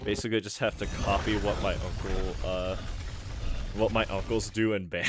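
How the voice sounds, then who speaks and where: A man's voice: lowish voice, fairly even intonation, moderate pace, background noise. A young man rambling casually while he plays a game and answers chat, chuckling often. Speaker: gaming streamer. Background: game music.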